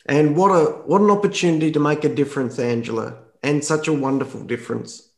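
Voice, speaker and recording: A man hosting an interview, warm and encouraging as he reacts to his guest. His voice sits a little high for a man. The sound carries a roomy echo. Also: fast, vocal fry.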